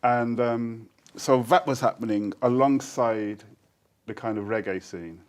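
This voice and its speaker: A man's voice: mid-range voice, measured pace. A man in his sixties from Birmingham, speaking with a Birmingham accent touched by Jamaican speech, telling stories in a casual interview and often laughing. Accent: Birmingham English with Jamaican influence. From Birmingham, England. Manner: animated, laughs often, breaks into quoted voices. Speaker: interview guest, poet.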